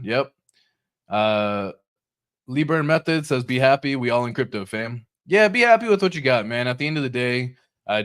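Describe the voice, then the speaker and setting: Chatty slangy crypto host. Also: male voice, medium pitch. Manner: excitable, chatty, slangy, laughs often. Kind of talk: casual market commentary over charts.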